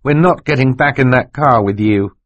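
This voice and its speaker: A man reading an audiobook voices a firm, defiant teenage boy who speaks forcefully. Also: mid-range voice, moderate pace, dull audio, pitched above the performer's own voice, natural voice. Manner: forceful, insistent.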